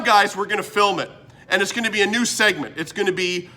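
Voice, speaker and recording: A middle-aged man from Canada hosting a comedic vlog, ranting in an animated, exasperated way. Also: high voice, fairly quick. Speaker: host.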